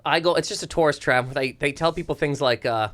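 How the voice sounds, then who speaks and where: A man from eastern Canada, a comedian telling a story in casual chat, animated and acting out voices. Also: on the high side, brisk. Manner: animated, swearing, acts out voices. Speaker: comedian guest.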